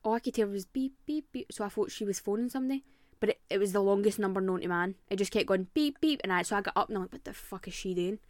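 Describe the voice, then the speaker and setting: Scottish woman, young adult, fast talker, animated storyteller, swears a lot, dry close sound. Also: medium pitch, no room sound. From Scotland. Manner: animated storyteller, swears freely, acts out voices. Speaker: podcast co-host. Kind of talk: casual chat, storytelling.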